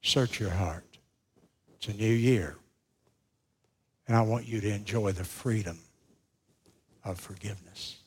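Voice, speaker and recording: A man preaching a sermon, telling stories slowly and with emphasis. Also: lowish voice, breathy edge. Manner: slow, emphatic storytelling preacher. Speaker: pastor.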